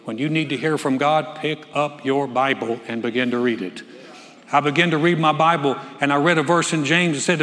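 A man preaching a sermon from the pulpit, animated, swinging from loud calls to hushed telling. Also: a little high, fairly quick. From North Carolina. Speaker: pastor. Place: church sanctuary. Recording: long church hall reverb.

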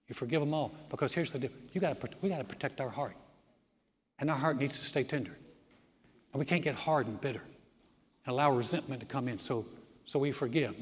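Pastor, man, mid-pitched, folksy earnest sermon, long church reverb. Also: slightly rough. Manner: folksy storytelling, earnest and direct.

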